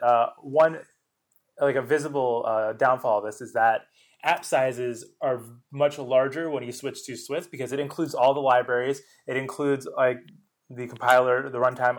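A man co-hosting a casual tech podcast, explaining technical matters in a knowledgeable, wry way. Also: medium pitch. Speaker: podcast co-host.

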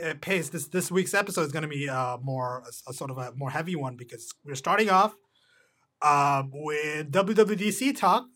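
A man co-hosting a casual tech podcast, talking haltingly with many restarts and fillers. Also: a little high, pushed and bright. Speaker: podcast co-host.

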